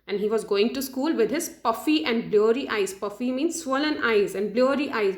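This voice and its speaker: A woman teacher retelling a story for children, stopping to explain words slowly and asking the class questions. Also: a little high, reverberant. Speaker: English teacher. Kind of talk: storytelling lesson with word explanations.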